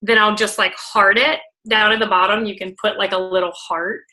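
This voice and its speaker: A young woman leader giving a casual, bubbly training talk, full of "like" and fillers, loud and outgoing. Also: medium pitch, fairly even intonation, normal speed, low-quality recording. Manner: self-described loud and out there. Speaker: network marketing team leader.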